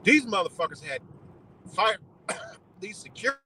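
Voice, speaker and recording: A man hosting a livestream, talking in an animated, profane rant and repeating himself in disbelief. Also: high-pitched, normal speed, slight background noise, rough recording. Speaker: livestream host.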